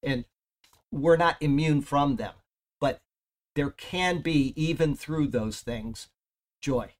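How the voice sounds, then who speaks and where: A man with a fairly high voice delivers a relaxed Bible study sermon. He talks conversationally, leaning into key words when he reads scripture, and jokes with his listeners between verses. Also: slow pace. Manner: conversational, reads scripture aloud with emphatic rises. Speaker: pastor.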